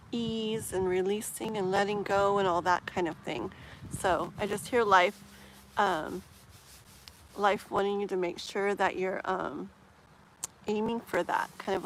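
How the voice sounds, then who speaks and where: A woman giving a live-stream tarot reading in a casual, filler-heavy way, slowing to muse aloud as she shuffles. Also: mid-range voice, fairly bright tone, slight background noise, rough recording. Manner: slows down and muses while shuffling. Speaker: tarot reader.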